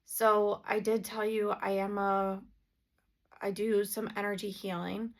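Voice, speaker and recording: A woman's voice: medium pitch, little pitch movement, a little slow. A woman and energy healer talking earnestly in a casual, heartfelt vlog, with plenty of filler "like"s.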